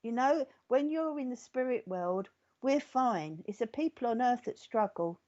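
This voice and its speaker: A woman's voice: on the high side, lively intonation, a little slow, a little mellow, highs cut off. A woman psychic medium giving a live reading in a reassuring way, often checking in with the listener. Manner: reassuring, often checks in with "okay?" and "all right?".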